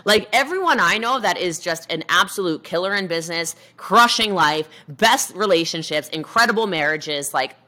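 A woman's voice: lowish voice, animated, moderate pace, hardly any pauses, pushed and bright. A woman talking with energy on a motivational chat show, emphatic and acting out quoted voices as she goes. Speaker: guest entrepreneur. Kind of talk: motivational conversation.

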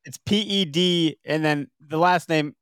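A man's voice: a little high, a little slow, fairly bright tone, clean tone, no room sound, studio quality. A man hosting a podcast, chatting enthusiastically and rambling with restarts. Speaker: podcast host. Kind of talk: casual interview chat.

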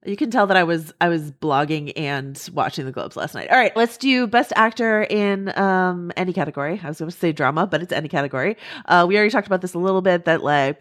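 A woman's voice: lowish voice, a bit bright. Chatty woman hosting a podcast. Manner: chatty, quick asides with many fillers. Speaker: podcast host. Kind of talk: casual chat.

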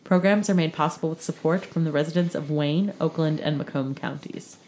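A woman co-hosting a radio show, reading a formal sponsor announcement in a steady voice. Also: deep voice, brisk, a little hiss or hum. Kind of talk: scripted announcement read.

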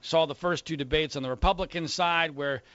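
A man's voice: on the high side, a little fast, a bit bright, no echo, dull audio. A man hosting a political radio talk show, opinionated and sarcastic.

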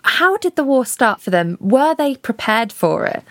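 A woman's voice: fairly high pitch, big pitch swings, measured pace, dry recording, clean studio sound. A woman interviewing a guest, asking short, plain questions.

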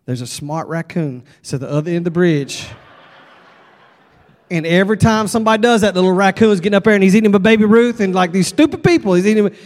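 Folksy preacher in a church hall. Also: male voice, high voice, fast talker. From Texas. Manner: folksy, animated storyteller. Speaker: revival preacher. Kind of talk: storytelling sermon. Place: church sanctuary. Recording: long church reverb.

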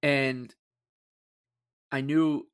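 A man co-hosting a podcast, answering in a hesitant, halting way with many pauses and fillers. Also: mid-range voice, flat delivery, clean tone. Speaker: podcast co-host. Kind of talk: casual podcast chat.

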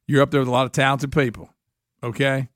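A man's voice: mid-range voice, little pitch movement, quick pace, a bit bright, dry recording, clean studio sound. A man, ranting bluntly and folksily as co-host of a casual talk show. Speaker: radio co-host. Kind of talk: opinionated casual chat.

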